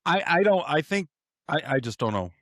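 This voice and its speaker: A man's voice: on the high side, very animated, fairly bright tone, no room sound. A man hosting a podcast from his home studio, talking casually about politics, stumbling and repeating words as he thinks aloud. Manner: halting, repeats words, chuckles often. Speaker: podcast host.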